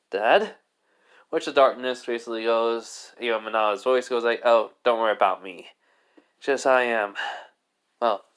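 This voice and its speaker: A man's voice: medium pitch, clean tone. Rambling man narrating a fan story. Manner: rambling, full of "basically" and restarts.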